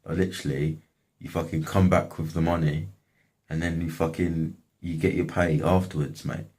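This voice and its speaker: A man's voice: a bass voice, steady tone, normal speed, darkish tone. A young man casually telling a story from his life, slangy and swearing often. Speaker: vlogger.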